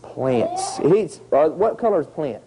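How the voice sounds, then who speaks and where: A man with a drawl leads schoolchildren through an outdoor lesson. He tells it as a lively story, tossing in sound effects and questions for the kids. His voice is warm and mellow. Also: fairly high pitch, a little slow, vocal fry, rough recording. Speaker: environmental educator. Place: outdoors at a nature center.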